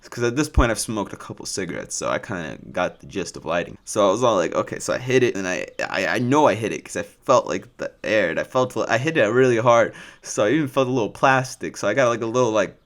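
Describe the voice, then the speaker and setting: A young man from California tells a casual storytime vlog with a lowish voice. He rambles loosely and swears freely, with "like" in nearly every sentence. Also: animated, quick pace, hardly any pauses. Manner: rambling and profane, full of "like" fillers. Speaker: vlogger.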